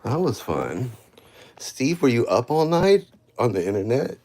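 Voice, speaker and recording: A man vlogging in a loose, rambling monologue, often restarting his sentences and sinking into quiet, emotional talk. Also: medium pitch, sing-song, measured pace.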